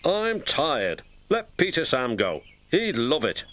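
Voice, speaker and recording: A man's voice: mid-range voice, wildly swooping pitch, takes it slowly, a bit bright, voice pushed up, heavily acted. A British man voicing a proud, grumpy, snobbish male steam engine in a storybook reading, with a haughty, complaining manner. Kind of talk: storybook character voice.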